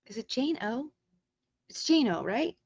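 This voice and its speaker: A woman hosting a live stream, chatting casually and excitedly to her chat viewers. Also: high voice, unhurried, gravelly, slightly rough, no echo, highs cut off.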